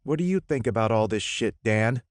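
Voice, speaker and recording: A man's voice: medium pitch, lively intonation, moderate pace, no echo, clean studio sound, voice pushed up, lightly acted. A man doing a sardonic, wisecracking male partner. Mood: wry. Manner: wry, sarcastic.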